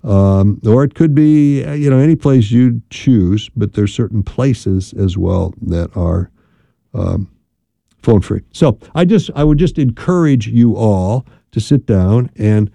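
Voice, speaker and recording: This is a middle-aged man speaking into a studio microphone on a radio show. His voice sounds very dark and mellow, and the sound is dry and close. He talks in a chatty, emphatic way and repeats words for stress. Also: fairly low pitch, slow, gravelly, no room sound. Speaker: radio host and marriage counselor. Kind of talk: casual radio talk with advice.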